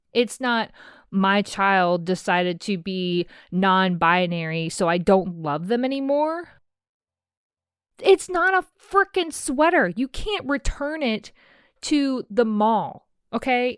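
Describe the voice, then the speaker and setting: A woman's voice: mid-range voice, clear, resonant tone, no echo, clean studio sound. A woman hosting her own podcast, talking in a rambling, impassioned monologue full of "okay?" asides, emotional and empathetic, calling listeners "sis.". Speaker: podcast host. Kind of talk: casual monologue.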